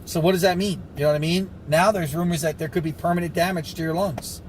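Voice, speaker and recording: A fast-talking man with a slightly high voice rambles through a casual rant, sarcastic and full of asides. He sounds a little short of breath, and there is a faint hum of ambience behind him. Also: fairly even intonation, low-quality recording. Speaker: vlogger recovering from covid.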